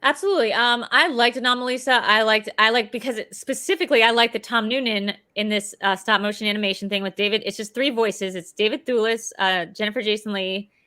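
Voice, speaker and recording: Casting note: rambling, chatty woman co-host, bright clear voice. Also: a little high, fast, hardly any pauses. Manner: chatty, rambling with many likes. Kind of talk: casual chat. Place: home.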